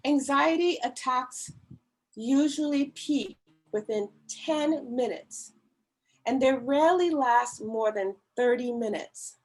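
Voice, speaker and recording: Speaking on mental health in a women's ministry church service run online, a high-voiced woman pleads slowly and emphatically for her audience to listen to people in need. Faint music plays behind her on a rough recording.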